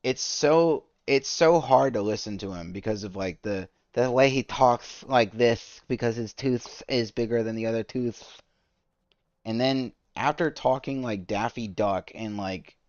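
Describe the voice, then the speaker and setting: A man's voice: on the low side, dry recording. A man streaming while playing a game, ranting in an exasperated, rambling way, with lots of restarts, as casual live reaction commentary, on a slightly dull lo-fi mic.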